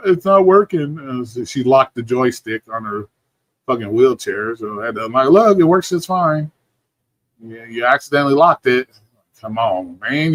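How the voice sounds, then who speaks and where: A man's voice: mid-range voice, a bit bright, dry recording. A man hosting a livestream, chatting casually from home in a rambling, profane, laid-back way, sounding sleepy. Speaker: livestream host. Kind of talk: casual chat.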